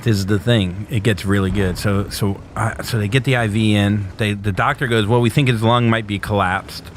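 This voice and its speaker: A man casually telling a wild story on a podcast, animated and profane, laughing as he goes. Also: lowish voice, normal speed, a little hiss or hum. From small town.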